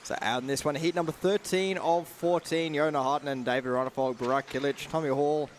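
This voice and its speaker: A man's voice: a little high, fairly even intonation, a little fast, slight background noise. A man co-commentating a live race with wry, teasing banter.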